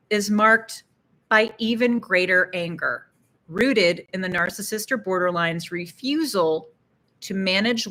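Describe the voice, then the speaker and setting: Middle-aged woman psychologist, measured slow delivery, crisp bright tone, dry sarcastic asides. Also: on the low side. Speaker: psychologist and channel host. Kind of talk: educational talk to camera.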